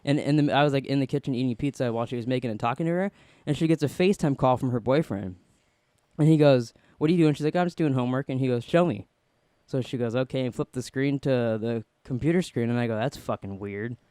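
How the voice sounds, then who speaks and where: A man hosting a podcast, telling a story in a casual, animated way and acting out the people he quotes. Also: medium pitch, quick pace, smooth, no echo. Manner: animated, acts out quoted voices. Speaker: podcast host.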